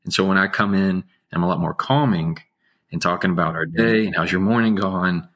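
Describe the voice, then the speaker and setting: A man speaking as an interview guest, an attorney, with a calm, soothing low voice and slow, measured delivery. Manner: slow, measured, unhurried speech. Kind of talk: casual interview talk.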